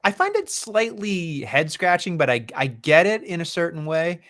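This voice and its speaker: A man's voice: a little high, big pitch swings, moderate pace, a bit bright. A man co-hosting a podcast, casually chatting and joking about wrestling, swearing freely. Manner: laid-back, joking, profane. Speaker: podcast co-host.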